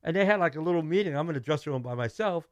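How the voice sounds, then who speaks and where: Racing along in a slightly high voice, this middle-aged Brooklyn-accented musician is a guest in a relaxed interview. He tells stories animatedly, acting out quoted dialogue and restarting. The recording is dry.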